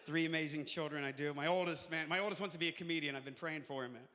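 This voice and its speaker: A man's voice: fairly high pitch, racing, bright, forceful tone, long reverb tail. A male comedian performing a stand-up set, punchy and chatty with the crowd.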